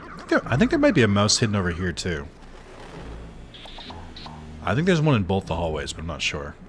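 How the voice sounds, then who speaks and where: A man with a low voice streams a video game and talks through it in a loose, chatty way. He swears freely and answers his viewers as he plays. Faint noise hums under his voice. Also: huge pitch swings, brisk. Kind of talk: casual gameplay commentary.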